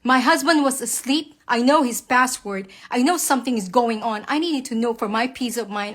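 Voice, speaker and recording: A woman's voice: a little high, moderate pace, hardly any pauses, fairly bright tone. A woman, very angry, giving a heated, profane rant to viewers about her husband. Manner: heated, profane, emphatic, addresses viewers as guys. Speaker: wife speaking out online. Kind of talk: angry personal rant to camera.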